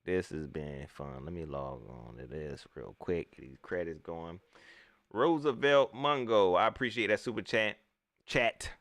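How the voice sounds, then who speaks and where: A man riffs through a joking livestream about his football team. His pitch leaps around in a lively, animated way, and the sound is dry and close. He speaks in a loose, slangy, casual style. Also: unhurried, creaky, dry recording. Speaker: sports vlogger.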